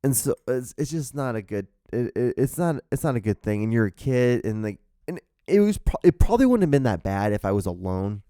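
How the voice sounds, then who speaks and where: A man's voice: medium pitch, very animated, brisk, hardly any pauses, dark tone, clean tone, no room sound, studio quality. A young man hosting his own show, rambling casually with lots of fillers and restarts, sounding tired, his voice starting to go. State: tired, voice going out. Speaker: host.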